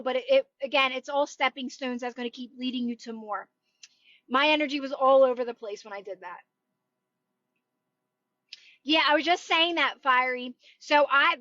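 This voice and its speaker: Earnest high-voiced woman coach. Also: pushed and bright, no room sound, lo-fi sound. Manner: earnest, encouraging, repeats herself. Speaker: manifestation coach. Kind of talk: livestream chat.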